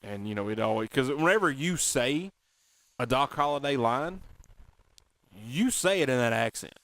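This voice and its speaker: A man co-hosting a casual talk show, animated and chatty, often slipping into quoted movie lines. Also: mid-range voice, moderate pace, no echo. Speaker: podcast co-host. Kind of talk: casual chat.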